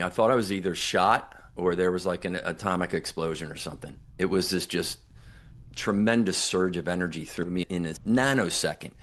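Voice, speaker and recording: A man's voice: low voice, fairly bright tone. An older man, a guest on an interview podcast, earnestly retelling a near-death story and voicing the people in it. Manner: earnest, reflective, retells dialogue with emphatic quotes.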